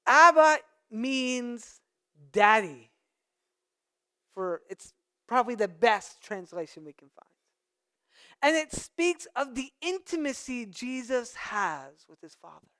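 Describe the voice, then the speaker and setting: Smooth-voiced man preaching a sermon. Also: extremely high pitch, big pitch swings, takes it slowly, bright, forceful tone. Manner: conversational with playful asides. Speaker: pastor.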